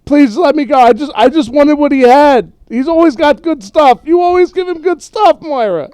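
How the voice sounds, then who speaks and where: A cowardly thief pleads in a high, whiny squeal, as a man puts him on. The voice jumps well above a normal man's range and cracks with nerves. It sounds dry and close, with no room around it. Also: normal speed, mellow, dry recording. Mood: pleading.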